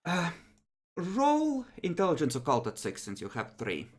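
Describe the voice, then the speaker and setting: Animated, laughing tabletop game master. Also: medium pitch, unhurried. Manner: casual, laughing, animated narration.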